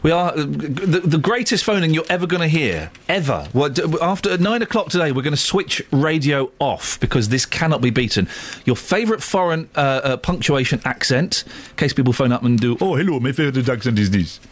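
A middle-aged man hosting a radio show, his voice a touch higher than most men's and jumping all over the place as he jokes. He slips into mock outrage and keeps the chat loose and playful. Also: a little fast. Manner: jokey, lively, mock-outraged. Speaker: radio host.

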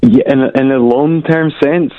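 Male caller, deadpan and dry, muffled phone line. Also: medium pitch, normal speed, dry recording. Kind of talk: casual radio chat.

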